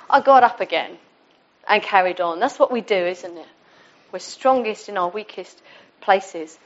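A middle-aged woman giving an informal, conversational sermon to her church. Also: mid-range voice. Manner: warm, conversational, with restarts. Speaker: church speaker. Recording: dull lo-fi sound.

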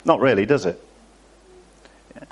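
A man's voice: fairly low pitch, lively intonation, unhurried, breathy edge. A man preaching a sermon to a church congregation in a chatty way, often asking his listeners questions.

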